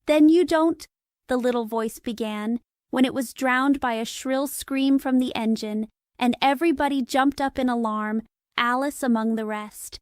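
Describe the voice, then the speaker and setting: A woman narrates a classic children's tale in simple, slow English. Her voice sits a little high, with careful, even delivery. The recording is dry and close, with no room sound. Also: no room sound. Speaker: audiobook narrator. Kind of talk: scripted narration for English learners.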